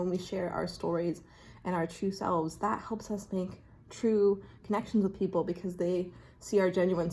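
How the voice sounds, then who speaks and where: A woman chatting casually and reflectively in her bathroom while drawing oracle cards, often dropping to a hushed voice. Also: medium pitch. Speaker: vlogger reading oracle cards. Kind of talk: casual rambling chat. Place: home bathroom.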